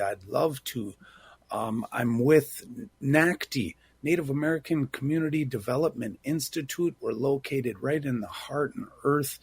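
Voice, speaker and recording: Earnest guy with a raspy gravelly voice, guest on a talk show. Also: medium pitch. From Bad River, Wisconsin. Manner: earnest, heartfelt. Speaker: guest, civic engagement manager. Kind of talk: radio interview.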